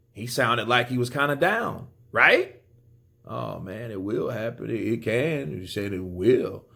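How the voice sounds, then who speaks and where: A man's voice: medium pitch, bright, forceful tone. A man giving casual boxing commentary on a vlog, emphatic and profane.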